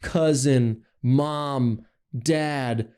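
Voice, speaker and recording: A man's voice: very slow, a little mellow, smooth. A young man co-hosting a casual podcast, rambling through stories, swearing freely and mimicking others. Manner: rambling storyteller, swears, imitates people in a higher voice. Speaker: podcast co-host. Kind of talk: casual chat.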